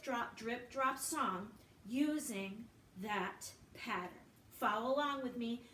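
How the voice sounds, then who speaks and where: A woman's voice: fairly high pitch, slow pace. A woman teaching a music lesson to young children online, encouraging and patient, often chanting and singing syllables.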